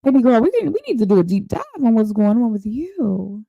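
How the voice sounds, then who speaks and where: A woman's voice: a little high, very animated, fairly quick, creaky, husky, no echo, dull audio. A woman hosting a reaction show, giving casual commentary in a blunt, incredulous, scolding way. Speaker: host reacting to a clip.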